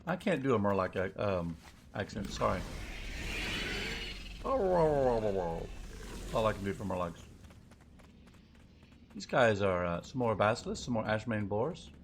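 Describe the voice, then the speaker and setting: Lively, chatty male game streamer. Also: fairly low pitch, brisk, a little hiss or hum. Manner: chatty, rambling, thinks aloud. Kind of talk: live gameplay commentary.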